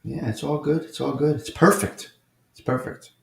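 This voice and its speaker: A slightly high, creaky voice holds a steady tone at normal speed as this New York–accented man hosts an easygoing live morning chat. Emphatic and repetitive, he answers chatters by name, and the audio has a roomy echo.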